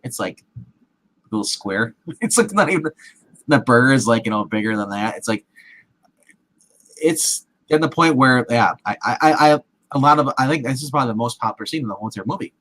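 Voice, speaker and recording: A man's voice: mid-range voice, lively intonation, brisk, a bit bright, poor audio. A man casually retelling a film scene with many restarts and acted-out quotes, as a movie show co-host. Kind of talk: casual movie recap chat.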